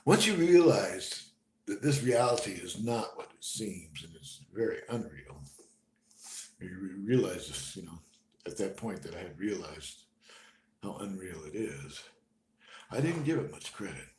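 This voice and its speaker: A man with a low voice tells his own story in a halting, conversational way, sinking to a near murmur at times and then bursting out loudly. He sounds like he is in an echoey room, with faint noise behind him. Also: very animated. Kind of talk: spoken personal story.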